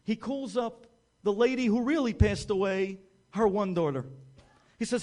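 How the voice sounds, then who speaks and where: A man's voice: high-pitched, moderate pace, a little mellow. A man, a rabbi, telling a story with dramatic, varied delivery.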